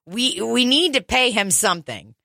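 A woman's voice: fairly high pitch, expressive, normal speed, creaky, bright, forceful tone, no room sound, clean studio sound. A woman co-hosting a casual podcast who rambles, swears freely and laughs often. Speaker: podcast co-host. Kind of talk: casual crude podcast banter.

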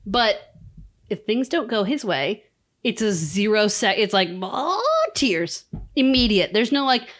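A woman's voice: medium pitch, expressive, unhurried. A young woman chatting casually with family, playful and laughing often. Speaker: daughter, expecting a baby.

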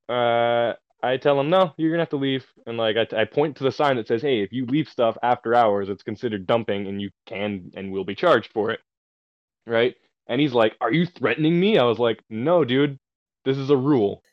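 A man's voice: medium pitch, normal speed, dry recording. Man, casual storyteller, swears, amused, dull lo-fi call audio, dry sound. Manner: laid-back, swearing, self-amused storyteller. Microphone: remote call.

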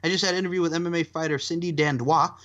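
A man's voice: a little high, fairly even intonation, rapid-fire, a bit bright, dull audio. A man co-hosting a podcast in a rambling, casual way, laughing often and swearing freely. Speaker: podcast co-host and interviewer.

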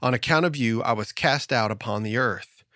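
The devil, a fallen angel, speaks insistently of his grudge, as a man reads him aloud. The voice is mid-pitched and close, with a dry sound. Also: moderate pace, bright, forceful tone, dry recording, close to an everyday voice. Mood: resentful.

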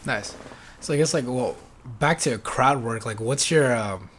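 A man's voice: mid-range voice, measured pace, a bit bright, a little hiss or hum. Casual male interviewer, mid-range voice, agreeable and musing. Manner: easygoing, agreeable, frequent backchannel yeahs. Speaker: podcast host.

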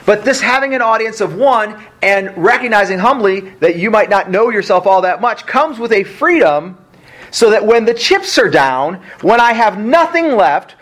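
Animated male pastor preaching. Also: high voice, moderate pace. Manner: emphatic preaching with rhetorical questions and casual asides. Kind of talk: sermon. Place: church service.

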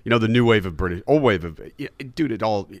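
A man's voice: lowish voice, lively intonation, fast talker, no echo. A man talking as a guest musician, enthusiastic, swearing often and saying dude. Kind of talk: casual chat.

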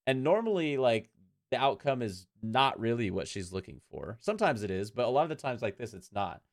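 A man co-hosting a casual fan podcast, talking in a rambling, animated way and laughing often. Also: mid-range voice, brisk. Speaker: podcast co-host.

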